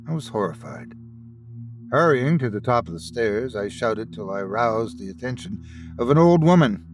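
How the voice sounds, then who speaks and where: A man hosting and narrating a classic ghost story in a dramatic, expressive reading. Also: on the low side, moderate pace, faint music behind. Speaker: host and storyteller.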